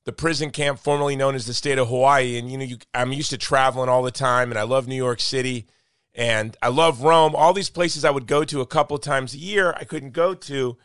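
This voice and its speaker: A man's voice: mid-range voice, steady tone, fairly quick, fairly bright tone, clean tone, no echo, studio quality. A man hosting a podcast in casual chat, speaking with passion and repeating points for emphasis. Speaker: podcast host.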